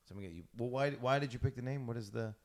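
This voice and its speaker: A man's voice: mid-range voice, very fast. A man hosting a podcast, a comedian, talking in a laid-back, joking, rambling way. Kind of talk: casual chat.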